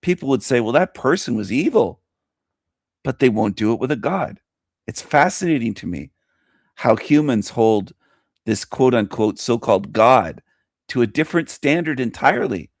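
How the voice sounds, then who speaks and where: A man's voice: medium pitch, normal speed, no echo, clean studio sound. A man hosting his own show, commenting on a video he plays, scornful and mocking as he rants. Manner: scornful, mocking, animated ranting. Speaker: host.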